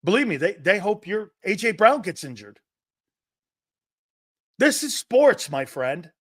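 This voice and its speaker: A man hosts a sports talk show in a blunt, combative manner, swearing freely and scoffing at soft opinions as he fires back at viewers' comments. His voice sits a little high for a man. The sound is dry and close, with no room echo. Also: expressive, normal speed.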